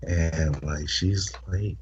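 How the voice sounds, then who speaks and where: A man's voice: rumbling low, fairly even intonation, drawn-out words, darkish tone, slightly rough, highs cut off. A man hosting a podcast, telling a blunt, explicit story in casual talk and stammering over repeated words. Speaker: podcast host.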